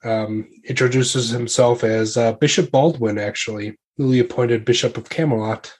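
A man's voice: medium pitch, steady tone, normal speed, breathy edge. A man narrating as game master of a tabletop game, loose and rambling with many fillers. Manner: loose and rambling, full of likes and ums.

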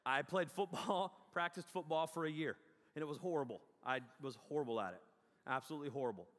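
Male pastor, raised pitch, energetic self-mocking sermon, long hall reverb. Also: brisk. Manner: joking, self-mocking, bursts into loud yells. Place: large hall on a stage.

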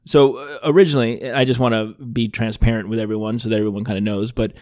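A man hosting a podcast with a throaty voice, rambling casually and clearing his throat often. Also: medium pitch, fairly even intonation, fast talker, darkish tone, dry recording, studio quality. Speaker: podcast host. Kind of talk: casual chat.

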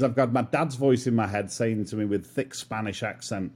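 A man's voice: on the low side, normal speed, hardly any pauses, darkish tone. A man in his fifties, a guest in an interview, musing in a self-deprecating way as he talks through his lessons. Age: 50s. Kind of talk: reflective interview conversation.

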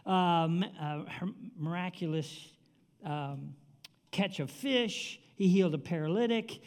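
A man's voice: fairly high pitch, takes it slowly, darkish tone. A man in his seventies preaching a sermon in a conversational, exclamatory way, with casual asides. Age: 70s. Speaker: pastor.

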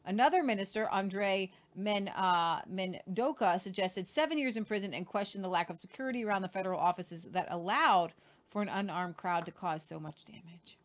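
A woman's voice: mid-range voice, moderate pace. A woman co-hosting a casual news commentary show, reading stories aloud and breaking in with sarcastic asides.

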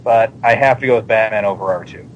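A man speaks on a casual panel, measured and halting with many pauses. His voice sits mid-range. The sound is dull and lo-fi with a faint hiss behind. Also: fairly low pitch.

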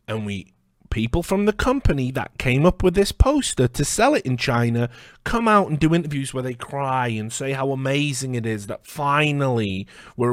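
A man's voice: medium pitch, no room sound, clean studio sound. A man hosting a commentary video, delivering an angry rant full of swearing and rhetorical questions.

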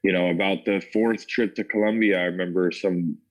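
A man with an American accent and a notably deep, low voice recounts his past in a loose, conversational way. He speaks casually, leaning on fillers and restarts as he tells his testimony to an interviewer. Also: fairly even intonation, fairly quick, low-quality recording. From United States. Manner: casual, filler-heavy, says "like" and "man" often. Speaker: interview guest. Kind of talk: personal testimony storytelling.

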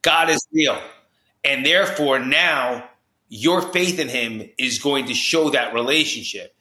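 A man from New Jersey, a podcast guest, telling a personal story with high energy and acting out the voices he quotes. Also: measured pace, bright, forceful tone, roomy sound.

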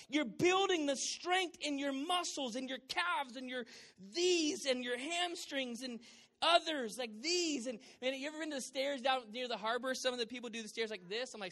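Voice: high-pitched, normal speed, sharp tone. A pastor with a Southern US accent preaching a sermon, joking with the congregation and asking them questions. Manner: humorous, conversational, quizzing the congregation. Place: church hall with congregation.

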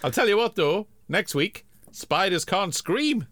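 A man's voice: sits high, expressive, a little slow, fairly bright tone. A man co-hosting a podcast, making wry jokey asides about a comic. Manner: wry, jokey asides with droll put-on quotes. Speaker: podcast co-host. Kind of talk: casual comic chat.

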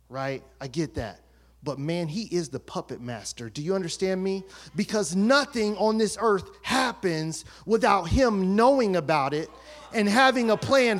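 A man preaching as a pastor, swinging between soft asides and shouted, emphatic peaks in a church. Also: fairly high pitch. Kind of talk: sermon. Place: church sanctuary.

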